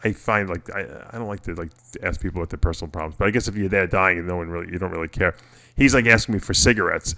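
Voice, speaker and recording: A man's voice: low-pitched, racing, sharp tone. A middle-aged man hosting a casual radio show, telling personal stories in a rambling way with many restarts. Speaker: podcast host.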